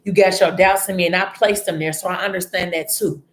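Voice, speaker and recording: A woman voicing a heartbroken young man who pleads with his lost love, talking low and rushed in an echoey room. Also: fairly even intonation, lightly acted. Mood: pleading.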